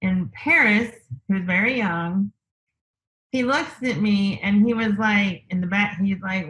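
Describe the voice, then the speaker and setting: A woman guest in a conversational interview, telling a personal story in an unhurried way, thinking aloud with lots of fillers. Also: mid-range voice, a bit bright, highs cut off.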